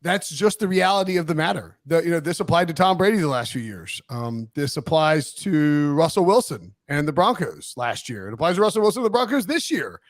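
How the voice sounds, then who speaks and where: A man's voice: a little high, big pitch swings, fairly quick, few pauses, no echo, clean studio sound. A man co-hosting a sports podcast, rambling and teasing as he talks through football takes. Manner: rambling, self-correcting, teasing. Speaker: podcast co-host. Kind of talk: casual sports chat.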